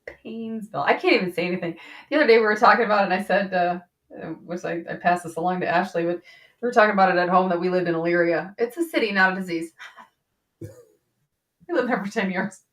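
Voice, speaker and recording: A woman physician hosting a casual live-stream chat, talkative and quick to laugh, with lots of fillers. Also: lowish voice, fairly bright tone, recorded from a distance. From western New York. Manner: chatty, laughs often, many fillers. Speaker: physician host.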